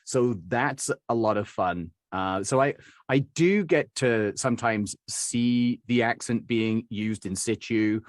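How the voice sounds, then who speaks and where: A man's voice: mid-range voice, no room sound, studio quality. A middle-aged man from Birmingham, England, answering interview questions as a dialect coach, rambling with many fillers and restarts. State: recovering from covid.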